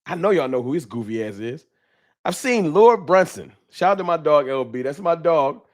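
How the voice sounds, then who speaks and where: A man's voice: on the high side, lively intonation, normal speed. Fired-up man preaching fan trash talk. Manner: reads viewer super chats aloud. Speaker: sports fan show host. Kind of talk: livestream fan commentary.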